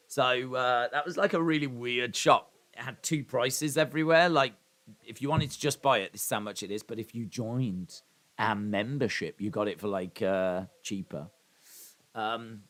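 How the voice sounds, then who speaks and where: A man's voice: medium pitch, fairly bright tone. A man hosting a live watch-along stream. He reads chat messages aloud and rambles in a self-deprecating way.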